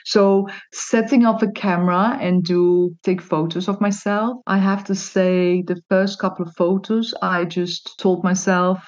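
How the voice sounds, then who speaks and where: Casting: woman guest, somewhat low voice, chatty and animated, dull lo-fi call audio. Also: unhurried, few pauses. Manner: chatty and animated, laughs often, restarts words. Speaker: podcast guest. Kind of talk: interview conversation.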